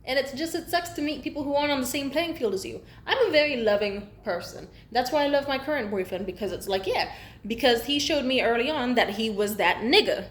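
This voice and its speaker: A woman's voice: high-pitched, fairly quick, roomy sound. Blunt, profane young woman ranting. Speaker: vlogger. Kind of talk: casual rant to camera.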